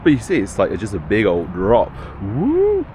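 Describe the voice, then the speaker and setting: A man with a low voice talks casually to a handheld camera while walking a hill path. He rambles and mocks himself, swears now and then, and sounds a little out of breath. Clear wind and outdoor noise run behind him. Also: animated, brisk, darkish tone. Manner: rambling, self-mocking, sweary. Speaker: vlogger. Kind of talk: casual hiking vlog.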